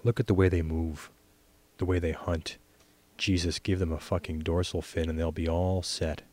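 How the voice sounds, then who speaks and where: A man's voice: low voice, flat delivery, moderate pace, a little mellow. A man doing a smug teen boy lecturing. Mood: mocking. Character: cocky teenage boy, mouth full of ice cream.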